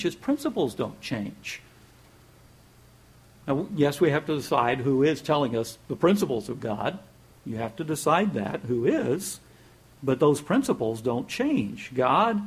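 A man with a slightly husky, fairly high voice delivers a relaxed, conversational sermon. He chuckles at his own jokes and often stumbles over repeated words. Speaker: preacher.

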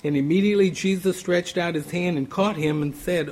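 A man preaching a sermon in a relaxed, conversational way, often restarting phrases. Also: high-pitched, a little fast, hardly any pauses. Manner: conversational, many restarts and "you know".

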